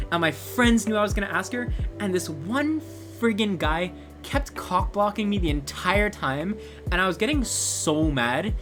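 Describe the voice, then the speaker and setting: A young adult streamer casually telling a story while crafting at home, animated and laughing, with plenty of swearing and filler words. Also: mid-range voice.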